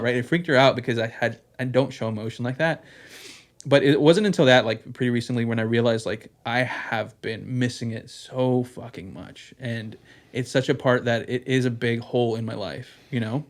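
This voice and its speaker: A man's voice: medium pitch, steady tone, moderate pace. Candid swearing young podcast guy. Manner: candid, rambling, swears freely, many fillers. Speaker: podcast co-host. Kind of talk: casual podcast chat.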